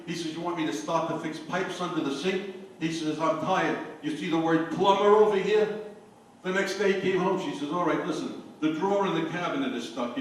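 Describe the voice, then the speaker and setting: An older man telling jokes to a party crowd, a lively storyteller who hollers his punchlines. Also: high voice. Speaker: joke teller at a party. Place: anniversary party. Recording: echoey room, voice from far off, faint noise.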